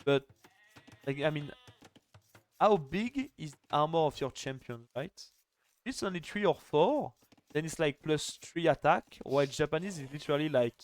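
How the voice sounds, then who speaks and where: A man's voice: a little high, expressive, moderate pace, no room sound. A young man casting a live strategy game final, chatty and joking, with lots of "like" fillers. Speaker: esports caster.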